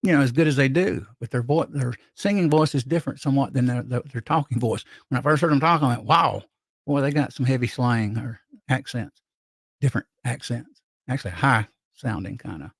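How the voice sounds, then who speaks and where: Gravelly man chatting on a live stream. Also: mid-range voice, fairly quick, no echo. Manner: rambling, reads viewer comments aloud, many restarts. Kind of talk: casual live stream chat.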